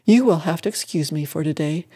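Brief: chirpy storybook widow, lively and teasing, a touch raised, put on by the reader, soft mellow tone. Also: mid-range voice, a little fast, lightly acted. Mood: cheerful. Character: lively good-natured widow, a horse judge.

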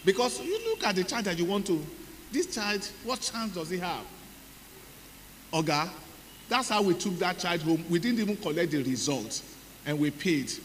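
A middle-aged Nigerian pastor with a fairly high voice preaches a sermon, telling his story with drama and acting out each exchange. His voice rings through a reverberant hall, with faint noise underneath. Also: lively intonation, moderate pace, fairly bright tone. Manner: dramatic storytelling, acts out dialogue.

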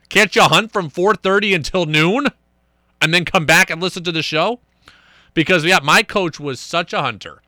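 A young man hosting a sports radio show from a studio, talking in a casual, energetic and emphatic way. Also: sits high, normal speed, no room sound. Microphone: studio microphone.

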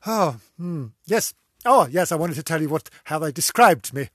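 A man chatting alone on his podcast, his somewhat high voice husky and breathy. He swoops up and down in pitch, wandering off on tangents and giggling between thoughts. The sound is close and dry. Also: expressive, moderate pace, fairly bright tone, dry recording. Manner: rambling, easily distracted, giggly; theatrical, exclamatory delivery. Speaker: podcast host. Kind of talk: casual solo podcast chat.

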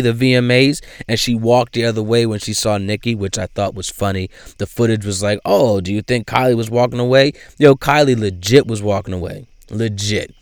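A man giving casual commentary in a profane, animated way, swinging between loud outbursts and low asides. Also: clean tone, no room sound, studio quality. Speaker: vlogger.

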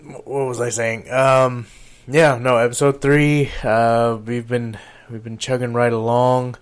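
Man, podcast host, slightly hoarse, rambling jokey banter, average pitch. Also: little pitch movement, a little slow. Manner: rambling, joking, many fillers. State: slightly hoarse, scratchy throat.

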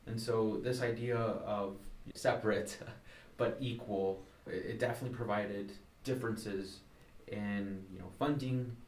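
A young man in a class discussion, talking in a relaxed way and reading a short passage aloud. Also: fairly low pitch, measured pace, few pauses. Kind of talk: casual discussion. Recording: roomy echo, faint noise.

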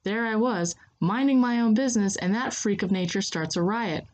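A woman's voice: mid-range voice, normal speed, darkish tone, pitched above the performer's own voice, natural voice. A woman voicing a cynical, curt gunslinger, with a sarcastic way of talking. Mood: irritated.

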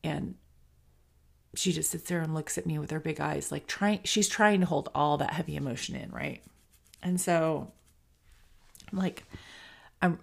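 A middle-aged woman speaks in a low, deeply gravelly voice full of vocal fry. She hosts a podcast and tells a personal story in a candid, reflective way. Her talk is loose and full of fillers and restarts. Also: moderate pace, pauses often. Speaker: podcast host.

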